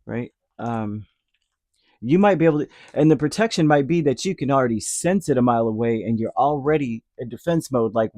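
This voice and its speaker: Guy doing a chatty tarot reading, mid-pitched voice, lots of filler, dry sound. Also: animated, fairly quick, a little mellow, dry recording. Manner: rambling, filler-heavy, acts out little imagined quotes. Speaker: tarot reader. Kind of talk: casual tarot reading monologue.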